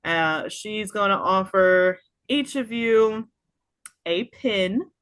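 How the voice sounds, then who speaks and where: Unhurried woman game master. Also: mid-range voice, a bit bright, no room sound. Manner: unhurried, many fillers. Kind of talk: narrating a tabletop game.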